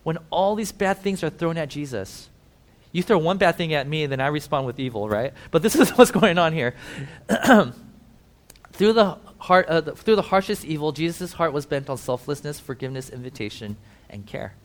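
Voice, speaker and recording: A man preaching a sermon who tells the story vividly, swings between emphatic and hushed, and talks directly to his listeners. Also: fairly high pitch, animated, normal speed. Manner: conversational asides to listeners.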